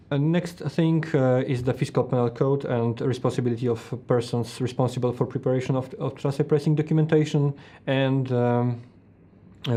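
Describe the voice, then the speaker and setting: A man's voice: medium pitch, dark tone. A man with a Polish accent presenting a tax webinar in English, hesitant, with many ums and restarts.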